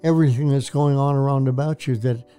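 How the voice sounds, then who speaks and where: Older man, minister, earnest preacherly testimony, warm mellow tone, smooth voice. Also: medium pitch, steady tone, fast talker, soft background music. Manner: earnest storytelling, preacherly, repeats phrases. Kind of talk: testimony in a Christian talk show interview.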